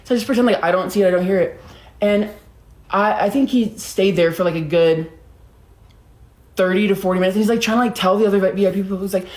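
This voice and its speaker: A woman's voice: medium pitch, quick pace, long pauses, darkish tone. A woman casually telling a personal story in a chatty way, full of fillers and swearing. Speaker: storytime vlogger. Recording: roomy echo.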